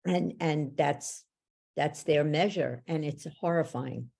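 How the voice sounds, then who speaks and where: A woman's voice: low-pitched, slow, vocal fry, darkish tone, breathy edge. A woman who is a parenting educator, a guest on a podcast, telling stories emphatically and acting out the voices in them. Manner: emphatic storyteller, acts out voices in anecdotes. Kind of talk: conversational podcast interview.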